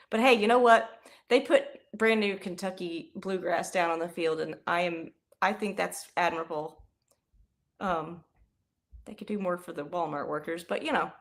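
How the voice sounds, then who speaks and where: A young woman doing casual live play-by-play of a football game, chatty and rambling, bursting into excited yelling. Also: lowish voice. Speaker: livestream host.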